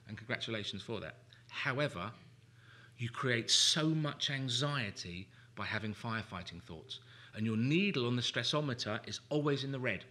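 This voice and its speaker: A male presenter runs a live workshop in a lecture hall, voicing anxious inner monologues, hammering home repeated key phrases with strong emphasis. His voice is mid-range with a touch of brightness.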